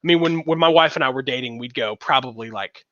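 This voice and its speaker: A man's voice: mid-range voice, fast, fairly bright tone, dry recording, lo-fi sound. A man co-hosting a podcast in casual chat, rambling with fillers and restarts. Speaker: podcast co-host.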